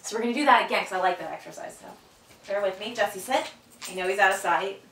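A fast-talking woman dog trainer is picked up far from the mic in an echoey room, with a little hiss or hum. Indoors with her dog, she calmly explains an exercise, breaking off for sharp, upbeat commands and high praise.

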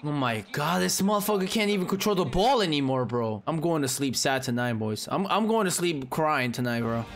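A young man commentating his own live gameplay, cursing freely and swinging from low muttering to loud yelling. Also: lively intonation, fairly quick, soft background music. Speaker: gaming streamer.

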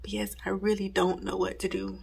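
A woman's voice: mid-range voice, level tone, brisk, creaky, darkish tone, slightly rough. A woman recording a casual home vlog, chatting straight to her viewers from her house. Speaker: home vlogger. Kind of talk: casual chat to camera.

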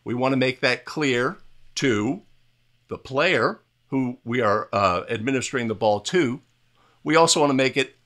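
A man with a bright, forceful voice talks through game footage like a coach at a whiteboard. He explains each point plainly, restarts his sentences now and then, and keeps asking "right?" to bring the listener along. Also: mid-range voice. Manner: explanatory, repeatedly tags statements with "right?"; restarts and fillers while talking over video. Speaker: basketball officiating instructor. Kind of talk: video play review commentary.

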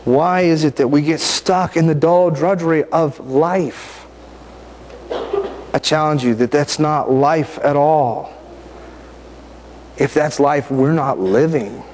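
A man preaching in a talkative, conversational way, often turning to his listeners with questions. His voice sits a little high for a man. Faint noise hums under the recording. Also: slow pace, long pauses, a little mellow. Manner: conversational, asks the audience questions. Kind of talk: sermon.

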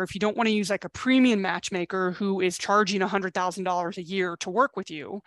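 A woman's voice: mid-range voice, no echo. A middle-aged woman, a dating coach, giving a blunt tough-love pep talk to camera in a casual, chatty way.

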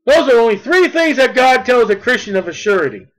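A man preaching a sermon with fervent delivery, building to near-shouts on his key points. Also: very high voice, big pitch swings, brisk, rough recording.

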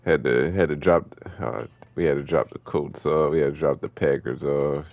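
A man with a Philadelphia accent streaming an online game, loud, excitable and profane as he reacts to the action. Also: rumbling low, normal speed, dry recording, muffled recording. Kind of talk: casual gameplay commentary.

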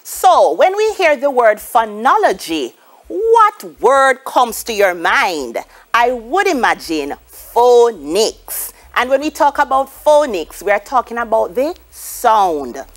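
A woman's voice: a little high, big pitch swings, slow pace. A Jamaican woman teaching a televised lesson, explaining each point and then giving Creole example sentences. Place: TV studio.

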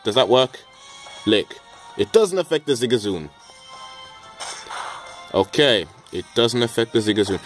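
A man's voice: medium pitch, lively intonation, a little slow, pauses often, faint music behind. A man giving casual, joking commentary over a video game, rambling with mild swearing and stammered restarts. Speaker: let's play gamer.

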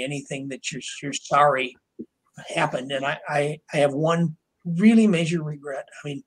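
In this rough recording, an older male author being interviewed on a podcast wanders through lengthy stories, restarting often, padding with fillers, and performing other people's lines. His fairly high voice is a bit bright with a breathy edge.

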